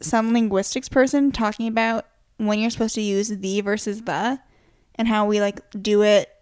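A woman's voice: mid-range voice, steady tone, normal speed, darkish tone, clean tone, dry recording. A young adult woman chatting casually with friends, rambling and giggling as she talks. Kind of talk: casual chat.

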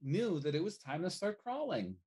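A man talking as a life coach guest in a casual podcast conversation, animated and casually swearing. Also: on the high side, moderate pace, husky. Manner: animated, swears casually, acts out little quoted voices.

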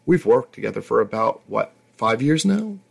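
A man with a gravelly voice voicing a bold, chatty young woman in a read-aloud story. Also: mid-range voice, very animated, moderate pace, full character voice. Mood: frank.

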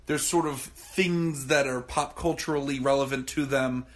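A man's voice: mid-range voice, fairly even intonation. A man co-hosting a podcast in casual chat, swearing freely and joking. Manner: swearing, jokey, puts on quick silly voices. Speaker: podcast co-host.

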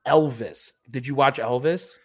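A man hosting a sports podcast, talking in an easygoing, offhand way with drawn-out fillers. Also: mid-range voice, husky. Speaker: podcast host. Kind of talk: casual chat.

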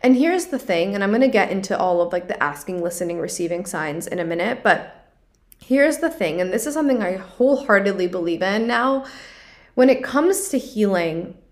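A woman's voice: medium pitch, lively intonation, normal speed. A young woman hosting her own podcast, talking through a personal story in an earnest, confessional way, with lots of "like" fillers. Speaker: podcast host. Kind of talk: personal reflective monologue.

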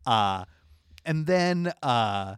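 A man's voice: medium pitch, drawn-out words, smooth, no echo, clean studio sound. A man telling a story in casual chat, acting out the people he quotes and laughing often. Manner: animated, acts out quoted voices, laughs often.

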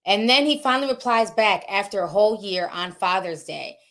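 A woman's voice: medium pitch, lively intonation, fairly quick, a bit bright. A woman vlogger giving casual gossip commentary, reading posts aloud and reacting with emphatic shock between them.

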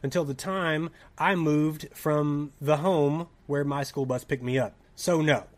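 A young man with a Tennessee drawl talks through a story for a podcast, his voice sitting a bit high for a man. He's animated and chatty, laughing and acting out bits of dialogue as he goes. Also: a little slow. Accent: Southern US, Tennessee. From Tennessee, USA. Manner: animated, laughing, swears, acts out quoted dialogue. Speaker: podcast co-host. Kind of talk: casual storytelling chat.

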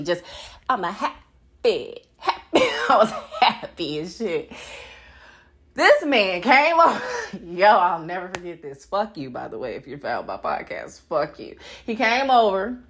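A young adult woman hosting a solo podcast, talking bluntly and profanely in an animated, laughing monologue. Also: fairly low pitch, measured pace. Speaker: podcast host.

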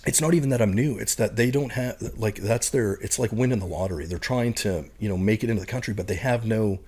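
Middle-aged man, lowish and husky, an animated guest storyteller. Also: fast talker. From Canada. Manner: animated storyteller who acts out the people in his stories. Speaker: podcast guest. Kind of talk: casual storytelling.

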